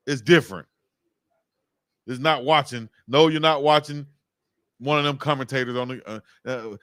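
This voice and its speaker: Brief: high-voiced, bright fan commentator, hyped live play-by-play, dry close mic. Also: male voice, no room sound. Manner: excitable, shouting, cursing, slangy. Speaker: live stream host doing fan play-by-play.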